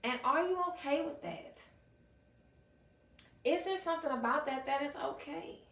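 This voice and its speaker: A woman's voice: high voice, moderate pace, a bit bright. Emphatic woman teacher in an echoey room. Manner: emphatic, acts out dialogue, repeats phrases for effect. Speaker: high school math teacher and speaker. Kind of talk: storytelling talk to an audience. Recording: echoey room, mic at a distance.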